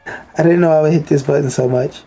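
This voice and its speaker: A man's voice: a little high, steady tone, fairly quick, dark tone. Blunt, profane male commentator ranting over a video, with faint music under the voice.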